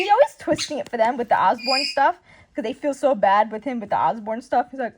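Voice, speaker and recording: Lively slangy woman reading comics aloud. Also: on the high side, normal speed, husky. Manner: slangy, animated, thinks aloud. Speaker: comic reader and commentator. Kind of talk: casual comic read-along commentary. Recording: noisy home recording.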